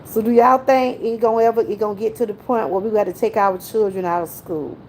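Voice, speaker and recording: A woman's voice: mid-range voice, fairly even intonation, fairly quick, darkish tone, slight background noise. An older woman, hosting a casual livestream, chatty and laughing often as she talks straight to her viewers. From Georgia, US. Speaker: livestream host.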